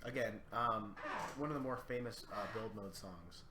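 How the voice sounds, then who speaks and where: A man's voice: lowish voice, normal speed, over music. A man streaming from his apartment, thinking aloud in a casual livestream chat while sleepy and yawning. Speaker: streamer composing music. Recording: echoey room, faint background noise.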